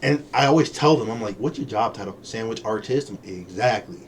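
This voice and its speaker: A man co-hosting a podcast, chatting casually and telling lively stories, acting out the people he quotes and laughing often. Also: fairly low pitch, brisk, a little hiss or hum. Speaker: podcast co-host. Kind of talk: casual chat.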